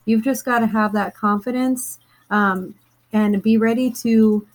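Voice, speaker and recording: A woman giving a spiritual tarot-style card reading, speaking gently and earnestly with frequent fillers and self-corrections. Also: on the high side, steady tone, measured pace, low-quality recording. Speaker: tarot reader.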